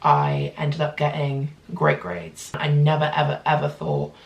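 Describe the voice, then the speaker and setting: A British woman in her twenties chatting casually through a storytime update, full of fillers and lively asides. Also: low voice, a little slow, gravelly, reverberant, rough recording. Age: 20s. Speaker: vlogger.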